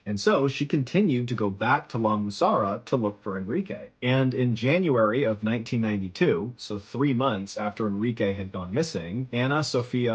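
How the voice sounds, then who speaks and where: A man's voice: medium pitch, breathy edge. A man telling a true mystery story in a casual, conversational way, building suspense as he goes.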